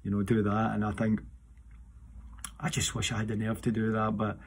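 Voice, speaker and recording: A Scottish man, a singer answering audience questions in a rambling, casual chat, animated in his seat and restarting his sentences often. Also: fairly low pitch, normal speed, slightly rough. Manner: animated while seated.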